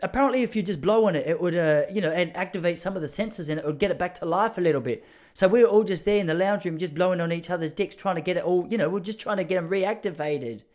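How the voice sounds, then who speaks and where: A man voicing a laid-back young male traveller with a put-on New Zealand accent that slides toward Cockney, talking pitched up, loose and chatty. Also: quick pace, a little mellow, natural voice. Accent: New Zealand, drifting toward Cockney.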